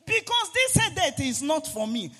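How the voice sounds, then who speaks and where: A man with a Nigerian accent preaching a sermon, animated and sing-song, rising now and then to a shout. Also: very high-pitched, moderate pace. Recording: long hall reverb.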